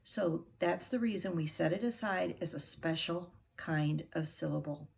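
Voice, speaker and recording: Slow gravelly woman teaching phonics. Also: lowish voice, darkish tone. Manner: slow, patient, over-articulated sounding out. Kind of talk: phonics lesson for children.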